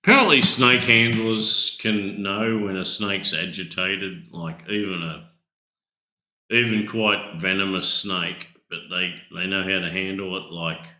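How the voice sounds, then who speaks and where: A man's voice: sits low, a little slow, pushed and bright. An Australian man in casual chat, rambling and emphatic, swearing constantly. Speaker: host. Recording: echoey room.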